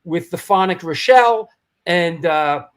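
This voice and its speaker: High-voiced, hyped male talk-show host. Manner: fast, loose, hyped announcing with restarts. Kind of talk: livestream talk show chat.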